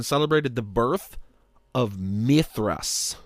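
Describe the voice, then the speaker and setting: Guy co-hosting a podcast, reading trivia q's slowly, teasing his buddy, dry close mic. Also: medium pitch, very animated, no echo. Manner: teasing, slows down to read questions aloud. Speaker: podcast co-host quizzing his partner. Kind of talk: casual banter, holiday trivia quiz.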